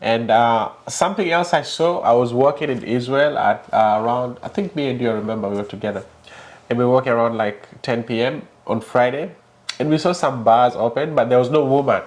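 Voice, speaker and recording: A man's voice: medium pitch, a little fast. A man hosting a casual interview, chatty and laughing often with many restarts. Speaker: host.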